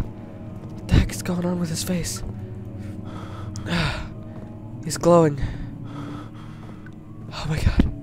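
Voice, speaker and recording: A young man panicking, yelling and reading text aloud while playing a horror game. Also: on the high side. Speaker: gamer. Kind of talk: horror let's play commentary.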